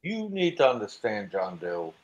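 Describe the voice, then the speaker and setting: A man's voice: on the low side, huge pitch swings, moderate pace, muffled recording. A man hosting, scolding callers profanely and threatening to mute them. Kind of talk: heated argument.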